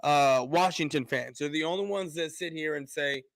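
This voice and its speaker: A man's voice: fairly high pitch, normal speed, gravelly, a bit bright, no echo. A man ranting on a casual sports live stream, fired up, repeating words and restarting his sentences often.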